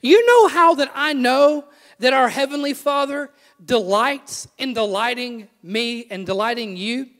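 A man's voice: very high voice, a little slow, fairly bright tone, in a large hall. A middle-aged man, a pastor, preaching a sermon earnestly and emphatically, asking his listeners direct questions. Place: church sanctuary.

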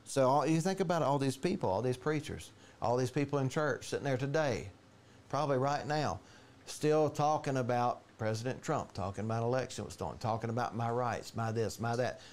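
A man preaching a conversational sermon in a church, animated and chatty, acting out quoted voices. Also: fairly quick. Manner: animated, storytelling, jumps to higher pitch for quoted voices. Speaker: pastor.

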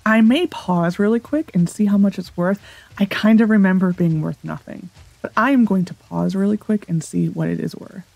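A woman's voice: medium pitch, moderate pace, vocal fry, darkish tone, no echo. Chatty woman thinking aloud while gaming. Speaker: let's play host. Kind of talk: casual gameplay commentary. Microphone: desk microphone, set a little loud.

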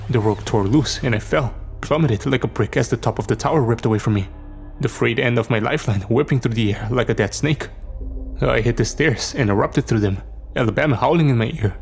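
A man's voice: medium pitch, vocal fry. A man telling a horror story in a tense, dramatic scripted narration. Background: faint music.

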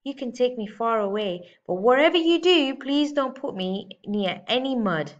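Woman playing a timid pleading storybook animal, higher voice, muffled recording. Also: lively intonation, normal speed, close to an everyday voice. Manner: apologetic, pleading. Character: pleading small farm animals, anxious. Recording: slightly dull lo-fi recording.

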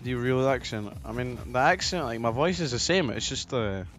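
A young man with a Scottish accent talks to his stream chat while he plays. His voice sits at an ordinary middle pitch. He gets excited easily, swears freely and laughs a lot. Soft music plays faintly behind him. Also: moderate pace. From Scotland.

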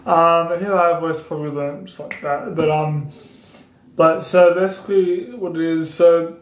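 Fairly high-pitched and steady, this young YouTuber speaks at a normal speed as he rambles casually about voice impressions. The vlog was recorded in an echoey room, and he repeats himself a lot.

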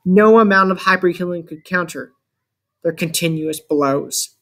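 Man, audiobook narrator, first-person story, slow, dramatic, measured. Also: sits high, fairly bright tone.

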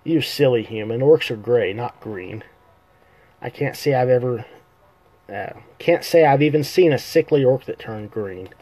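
A man's voice: mid-range voice, lively intonation, measured pace, dark tone, poor audio. A man voicing a suspicious male elf warrior in a live reading of a fantasy novel, questioning and scornful.

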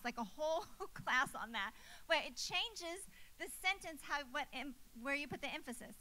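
Bright, high-voiced woman preaching. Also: animated, normal speed, poor audio. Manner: emphatic, repeats phrases for effect. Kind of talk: sermon.

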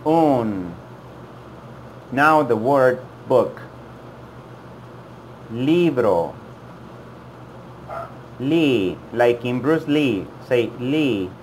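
Slow, patient male language teacher. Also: mid-range voice, animated, a little hiss or hum. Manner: repeats words slowly and patiently for learners. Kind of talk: slow, deliberate language lesson.

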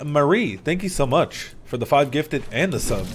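Brief: young man, game streamer on a headset mic, lively swooping pitch, excitable, swears casually. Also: normal speed, a little hiss or hum. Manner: hyped, thanks viewers loudly, swears casually. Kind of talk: live-stream gameplay chat.

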